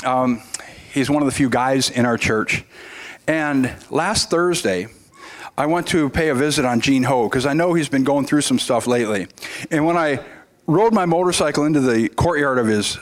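A man giving a sermon as a visiting preacher, telling a story in a conversational way with frequent restarts and fillers. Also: medium pitch. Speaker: guest preacher.

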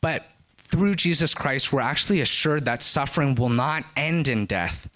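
A man preaching a sermon, telling a story in an animated way and rising to high, excited lines at the climaxes. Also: moderate pace.

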